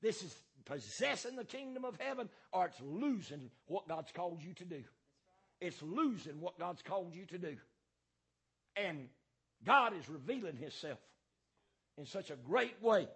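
A man preaching a fiery sermon as pastor, hammering points through repetition and filling pauses with "uh" and "um". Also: sits high, animated, vocal fry, fairly bright tone, husky.

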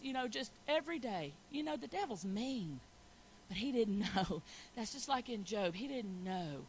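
A woman preaching a sermon, building from quiet storytelling to loud, shouted preaching. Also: mid-range voice, animated, unhurried, a little hiss or hum, rough recording.

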